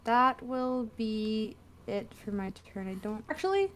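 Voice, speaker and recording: A woman's voice: fairly high pitch, big pitch swings, unhurried. A woman playing a tabletop game, thinking aloud hesitantly as she decides her move. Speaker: player.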